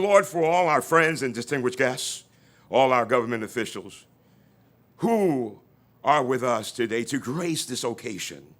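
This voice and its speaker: A man leads a prayer with fervent energy, lifting his voice toward near-shouts as he calls on the crowd to answer him. His pitch sits in an ordinary middle range for a man. He is recorded outdoors at a public event. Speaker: pastor giving an invocation. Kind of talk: prayer and call-and-response.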